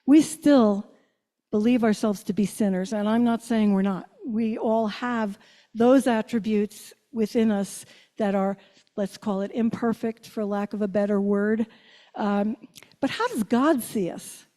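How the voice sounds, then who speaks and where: An older woman minister giving a reflective sermon, asking her listeners questions and slowing down on key phrases. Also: medium pitch, warm tone. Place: church sanctuary. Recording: long church reverb.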